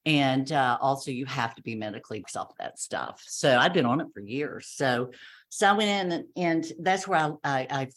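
A woman's voice: rumbling low, normal speed. A woman tells her own story to a group. She speaks candidly and pokes fun at herself, slipping into the voices of the people she talks about. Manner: candid, self-mocking, acts out voices of others. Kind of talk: personal testimony talk.

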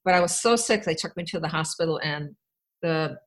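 Low-voiced woman telling her story frankly. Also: fairly quick, poor audio. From Wisconsin. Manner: candid, rambling, wry, with restarts. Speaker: speaker sharing her life story. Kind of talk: personal storytelling talk.

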